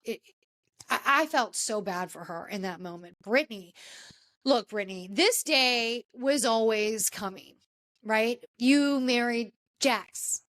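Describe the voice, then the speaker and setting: A woman's voice: a little high, slow pace, fairly bright tone. A woman hosting a podcast, giving an emphatic, indignant recap in casual chat and calling people out directly. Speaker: podcast host.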